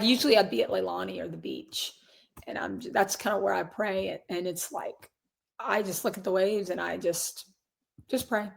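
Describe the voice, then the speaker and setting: A gravelly, medium-pitched woman in her twenties appears as a guest on a casual interview. She is a singer and a real estate agent, and she talks earnestly, rambling through restarts and quoted asides.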